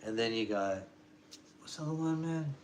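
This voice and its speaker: A man's voice: medium pitch, expressive, normal speed, slight background noise. Profane rambling man in his forties. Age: 40s. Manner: profane, rambling, loose street slang. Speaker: vlogger. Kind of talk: casual rant.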